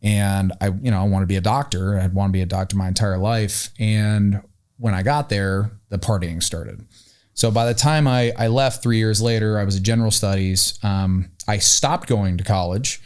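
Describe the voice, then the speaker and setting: Lower-voiced man telling lively anecdotes. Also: normal speed, clear, resonant tone. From Pennsylvania, USA. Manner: animated anecdotes, acting out quoted voices with "um" and "uh" fillers. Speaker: podcast guest, company founder. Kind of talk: casual storytelling.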